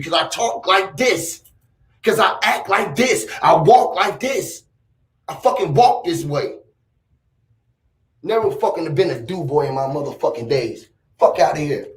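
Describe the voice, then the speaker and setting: A man's voice: high-pitched, animated, moderate pace, recorded from a distance. A man ranting to camera in a vlog, boastful, profane and rambling, with heavy emphasis. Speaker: vlogger. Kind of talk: casual rant to camera. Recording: roomy echo, off-mic.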